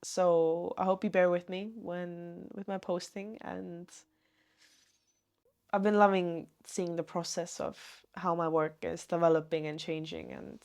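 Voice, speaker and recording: A woman talking to camera in a personal vlog, gentle and earnest, with meandering sentences. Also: fairly low pitch, fairly even intonation, measured pace. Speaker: vlogger.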